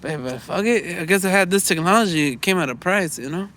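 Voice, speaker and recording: A man's voice: high-pitched, expressive, fast talker, fairly bright tone, slight background noise. A Mexican-American man from the States talking outdoors in a loose, chatty vlog monologue, full of "you know" and "man" and swearing. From United States. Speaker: vlogger. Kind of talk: rambling casual monologue.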